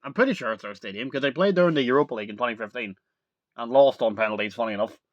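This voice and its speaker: A young man talking casually to camera as a video reviewer, rambling and excitable, full of "like" and "literally". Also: medium pitch, racing, dry recording, highs cut off.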